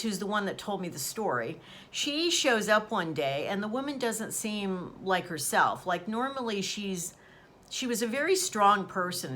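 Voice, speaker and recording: Female host, casual storyteller, bright tone, animated pitch, acts out quotes. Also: a little hiss or hum. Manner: chatty, retells a story with quoted dialogue. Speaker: channel host.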